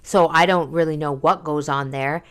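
A young adult woman, casually chatting as co-host and telling stories in an animated way, with quick asides and high leaps in pitch when she quotes herself. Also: clean tone. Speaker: podcast co-host, daughter of the other host. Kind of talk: casual chat.

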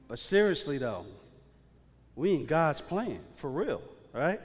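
His voice a little high and sing-song, a man preaches slowly as pastor. The sermon is relaxed and full of slang, and he keeps checking in with the congregation. The church sanctuary's large hall lends a long reverb.

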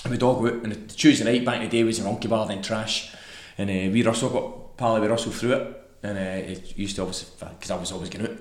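A man's voice: fairly low pitch, fairly even intonation, quick pace, reverberant. A man with a Scottish accent, a former footballer telling laughing, sweary stories in a casual football chat.

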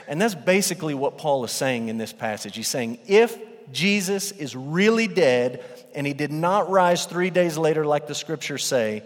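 A man's voice: fairly high pitch, lively intonation, moderate pace. Emphatic male pastor in a reverberant hall. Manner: emphatic, repeats phrases for weight. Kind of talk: sermon. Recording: long reverb of a large hall.

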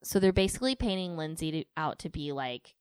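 Podcast co-host, woman, 30s, lower voice, rambling casual delivery, dry close mic. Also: animated, fairly quick, clear, resonant tone, no room sound. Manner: chatty, filler-heavy, with frequent likes and ums. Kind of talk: casual chat.

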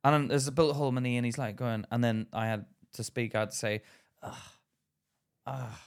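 A man's voice: mid-range voice, rapid-fire. A man co-hosting a casual podcast, telling stories with lots of laughter and acted-out quotes. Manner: animated, acts out quotes, laughs a lot. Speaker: podcast co-host. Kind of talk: casual chat, storytelling.

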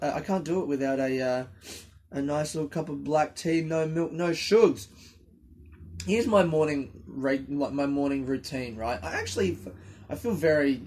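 A man's voice: a little high, a little mellow, husky. Sniffly man, rambling podcast chat. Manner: rambling, self-deprecating, swears freely. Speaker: comedian podcast host. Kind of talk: casual solo podcast monologue.

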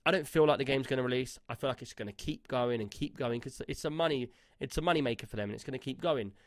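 A man's voice: mid-range voice, fast talker, dry recording, clean studio sound. A man co-hosting a casual gaming podcast, talking in a rambling way with many fillers and restarts. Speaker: podcast co-host.

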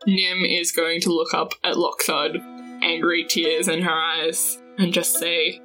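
A woman's voice: fairly low pitch, level tone, a little slow, bright, forceful tone, faint music behind, low-quality recording. A woman playing a tabletop game, thoughtfully narrating her character's actions. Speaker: player. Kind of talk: tabletop role-play.

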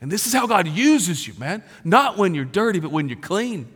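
Man in his forties, pastor, conversational sermon with loud peaks and hushed dips, slightly high, ringing tone. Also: big pitch swings, moderate pace, slightly rough. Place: large church auditorium. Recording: long reverb of a large hall.

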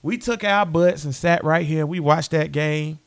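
A man, co-hosting a sports podcast and telling stories in relaxed, chatty banter. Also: on the high side, unhurried, smooth. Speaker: podcast co-host.

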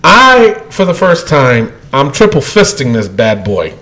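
A man's voice: medium pitch, very animated, a little slow, bright, forceful tone, poor audio. A man hosting a casual wrestling podcast, rambling loosely with lots of fillers and laughter. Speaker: podcast host.

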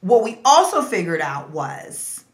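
A woman in her forties telling a story in a casual chat as a podcast host, acting out voices with sudden loud bursts. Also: medium pitch, very animated, measured pace. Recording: echoey room.

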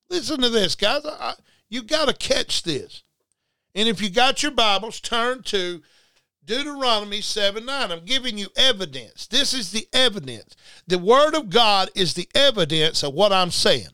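High, bright-voiced man preaching hard. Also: expressive, normal speed, clear, resonant tone, no room sound. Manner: emphatic and repetitive, talking straight to listeners. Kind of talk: livestreamed sermon.

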